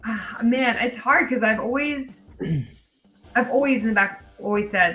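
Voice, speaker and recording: A bubbly woman in her thirties chats casually as a guest on a sports podcast, laughing easily between thoughts. Her voice sits at an ordinary middle pitch for a woman. Faint music plays underneath. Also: a little slow, sharp tone, poor audio. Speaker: podcast guest, American football coach. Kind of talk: casual chat.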